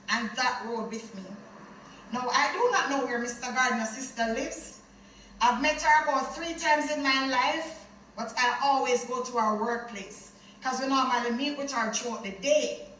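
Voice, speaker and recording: A woman's voice: high-pitched, a little slow, slight background noise. A woman with a Jamaican accent telling a vivid personal story in an interview. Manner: animated, vivid retelling. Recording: echoey room, far from mic.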